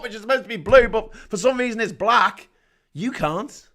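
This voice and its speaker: A man's voice: sits high, lively intonation, moderate pace, fairly bright tone. A middle-aged British man hosting a show, ranting angrily about politics with constant swearing and sarcastic mock voices. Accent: British English. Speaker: host of a livestream rant show. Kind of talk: angry political rant.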